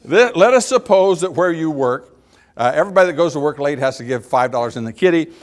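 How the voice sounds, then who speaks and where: In a quick, fairly high-pitched voice, a middle-aged speaker spins folksy tales with lively acted-out exchanges, chuckling at his own humor along the way.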